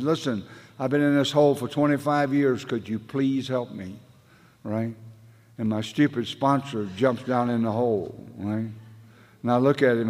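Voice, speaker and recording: A man's voice: medium pitch, in a large hall. A man sharing at a recovery meeting, telling stories in a rambling, folksy way with casual grammar. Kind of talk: storytelling share at a meeting.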